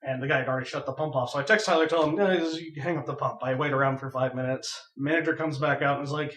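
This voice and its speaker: A young man casually telling a funny story on a podcast, animated and laughing as he goes. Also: mid-range voice, fast talker, few pauses. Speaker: podcast co-host. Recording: echoey room, far from mic.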